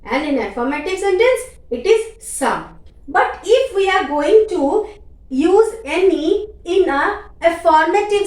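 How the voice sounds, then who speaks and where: A woman's voice: extremely high pitch, recorded from a distance. A woman teaching a grammar lesson, repeating key words and checking in with "okay?" as she explains. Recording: echoey room, voice off-mic.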